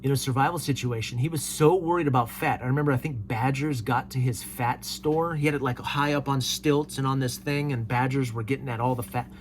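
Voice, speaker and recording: A man's voice: mid-range voice, a little fast, few pauses, a little hiss or hum. A man hosting a casual solo commentary show, reading viewer comments aloud and replying with dry chuckles. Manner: laid-back, reads comments aloud and replies with chuckles.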